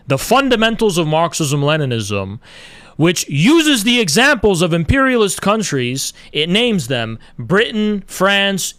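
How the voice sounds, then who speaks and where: A man's voice: high-pitched, a bit bright, clear, resonant tone, no echo. A man giving a combative livestream monologue, taunting his critics with rhetorical questions. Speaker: party chairman streaming on social media.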